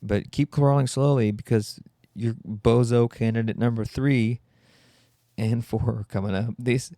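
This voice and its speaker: A man's voice: mid-range voice, fairly even intonation, a little slow, warm tone, no room sound, studio quality. A man hosting a solo comedy podcast, rambling and mocking in a sarcastic tone. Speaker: podcast host.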